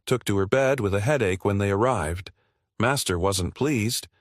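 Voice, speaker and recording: Man doing a hushed scolding cook woman, wary, low dry voice. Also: moderate pace, no echo, natural voice. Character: older woman plantation cook, stern and wary.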